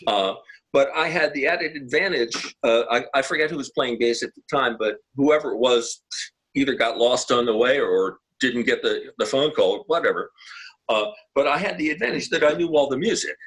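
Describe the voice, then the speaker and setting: Husky older man telling rambling stories. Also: medium pitch, animated, moderate pace, a bit bright, poor audio. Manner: rambling, anecdotal, many restarts. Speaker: guest musician. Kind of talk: casual interview storytelling. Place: home, video call.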